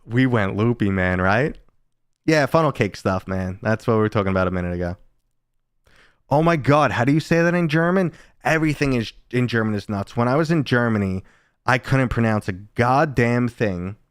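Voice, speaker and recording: A man's voice: mid-range voice, expressive, normal speed, smooth, no echo, studio quality. A man in his thirties from the United States, chatting casually on a live stream, telling stories loosely and swearing now and then. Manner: casual storytelling, swearing, reading chat.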